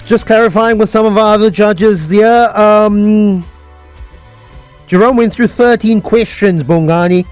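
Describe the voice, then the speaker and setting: A man co-hosting a live radio quiz, explaining the rules and scores deliberately. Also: high-pitched, clean tone, no room sound, faint music behind. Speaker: co-host and scorekeeper. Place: radio studio.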